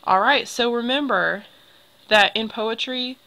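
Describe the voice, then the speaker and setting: A woman's voice: fairly high pitch, unhurried, vocal fry, bright, forceful tone, poor audio. A young woman teacher explaining poetry to a class, patient and step by step. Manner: explains patiently, draws symbols while talking.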